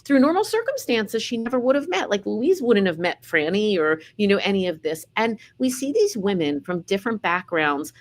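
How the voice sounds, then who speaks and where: A woman's voice: medium pitch, very animated, normal speed, hardly any pauses. A middle-aged woman, an author being interviewed, speaking in an earnest, reflective way. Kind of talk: casual conversational interview.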